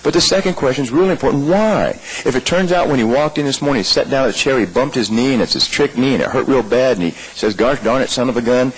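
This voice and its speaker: A man's voice: medium pitch, expressive, fast, hardly any pauses, breathy edge, rough recording. A man leading a live leadership training workshop, talking conversationally to the room and firing off rhetorical questions.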